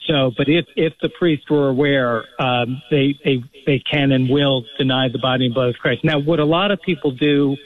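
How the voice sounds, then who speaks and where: A man's voice: medium pitch, fairly even intonation. Earnest male caller on a tinny phone line. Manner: earnest, halting, many restarts. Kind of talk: phone-in call.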